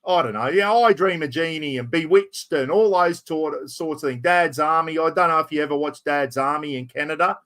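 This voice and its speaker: A man's voice: a little high, fairly quick, few pauses, fairly bright tone. A middle-aged Australian man hosting a casual live stream, rambling through stories and calling everyone "mate". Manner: rambling, storytelling, sprinkles "mate" and mild swearing. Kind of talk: casual chat.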